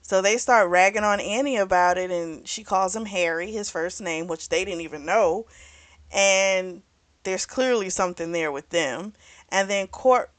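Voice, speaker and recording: A woman talking through a book's plot like she's catching up with a friend. Her pitch sits right in the middle, neither high nor low, and she tells it in an animated, conversational way, leaning on "you know" as she goes. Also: measured pace. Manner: chatty, animated storytelling with frequent "you know". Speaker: book club host reviewing a novel. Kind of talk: casual plot recap.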